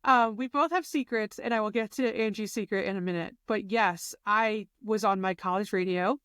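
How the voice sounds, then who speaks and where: Young woman co-host, bubbly and expressive, smooth clear voice, dry sound. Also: mid-range voice, moderate pace, no room sound. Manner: bubbly, expressive, lots of fillers. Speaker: podcast co-host. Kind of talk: casual chat.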